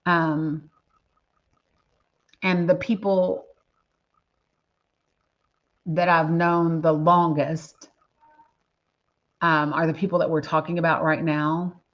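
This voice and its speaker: Slow, earnest woman on a livestream. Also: low-pitched, little pitch movement. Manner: earnest, slow, emotional, reads chat names aloud. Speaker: livestream host. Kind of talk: casual livestream chat with viewers. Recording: slightly dull lo-fi audio.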